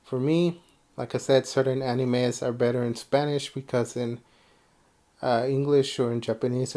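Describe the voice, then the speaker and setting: A man's voice: medium pitch, warm tone. A young man from the United States rambling casually about anime in his own vlog, with many fillers and restarts. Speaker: video creator.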